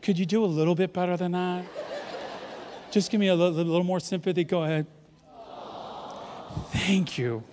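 Brief: man in his fifties from New York, lively joking pastor, higher voice, long church reverb. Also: moderate pace, pauses often, a little hiss or hum. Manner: animated, joking, leads the crowd in call-and-response. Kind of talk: sermon. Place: large church auditorium.

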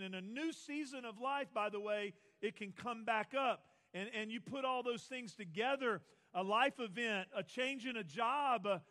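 Preacher guy, 40s, high voice, joking around mid sermon, big echoey church. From Texas. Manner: animated storytelling with self-mocking jokes. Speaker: pastor. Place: large church auditorium. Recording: long reverb of a large hall.

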